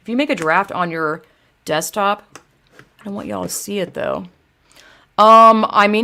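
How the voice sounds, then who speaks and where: A woman's voice: on the high side, animated, moderate pace, fairly bright tone. A young woman ranting casually and profanely on a livestream, talking to her chat while fumbling through her phone. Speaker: video creator ranting to live chat.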